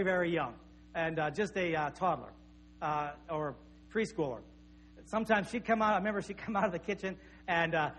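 A middle-aged pastor delivering a sermon in an easy, conversational way. His voice sits high for a man, and he often circles back with small restarts as he tells homely stories. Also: a bit bright, a little hiss or hum. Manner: conversational, anecdotal, with repeated restarts.

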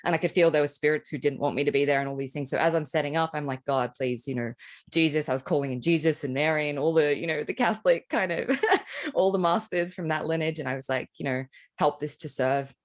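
A young adult woman hosting a podcast, talking in a relaxed, chatty way with frequent "like" fillers and casual swearing. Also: deep voice, fast talker. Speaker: podcast host. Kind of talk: casual conversation.

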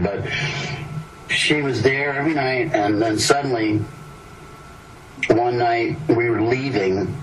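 A man telling meandering anecdotes, breaking off mid-sentence and chuckling at his own stories. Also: medium pitch. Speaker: storyteller. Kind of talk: rambling anecdotal storytelling. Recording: distant mic with clear background noise.

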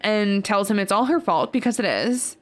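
A woman's voice: mid-range voice, animated, moderate pace. A woman casually recapping a movie with her sister, rambling and emotional, swearing freely.

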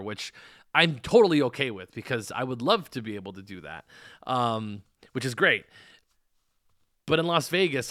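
A man's voice: mid-range voice, fairly bright tone, dry recording, clean studio sound. A man hosting a podcast, telling a meandering story in casual chat, full of fillers and restarts. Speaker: podcast host.

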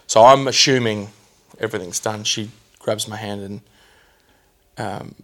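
A man telling his personal story as a guest, candid and halting, often restarting his sentences. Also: fairly low pitch, fairly even intonation.

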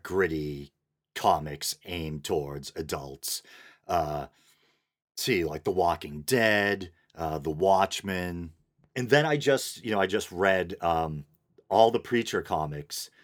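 Low-voiced man rambling on his podcast. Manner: rambling, chuckling, with frequent fillers. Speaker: podcast host. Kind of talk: casual solo podcast monologue.

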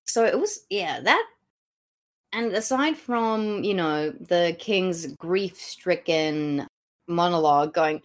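A woman's voice: fairly low pitch, takes it slowly. A woman co-hosting a podcast in casual chat, sarcastic and sweary, breaking into silly mocking voices. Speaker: podcast co-host.

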